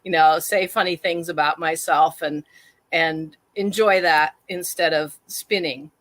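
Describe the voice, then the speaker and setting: A woman's voice: low-pitched, fairly even intonation, a little slow, fairly bright tone, no room sound. A woman speaking as a guest on a conversation podcast, candid and self-deprecating, laughing easily at herself. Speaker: guest, trauma awareness activist. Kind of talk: reflective conversational talk.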